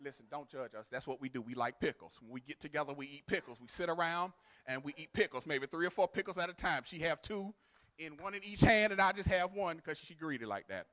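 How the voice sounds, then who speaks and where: A male pastor a sermon. He swings from loud, sung, rhythmic to quiet, chatty storytelling. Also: fairly high pitch, animated, brisk. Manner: builds to loud, sung preaching cadence, then drops to quiet storytelling.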